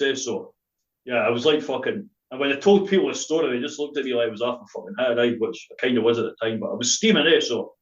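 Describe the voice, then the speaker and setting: A man's voice: medium pitch, quick pace. A Scottish man with a Dundee accent who rambles and laughs through a story, swearing freely and dropping in local slang. His voice sounds echoey and a bit dull. He is a spoken word poet chatting as a podcast guest. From Scotland.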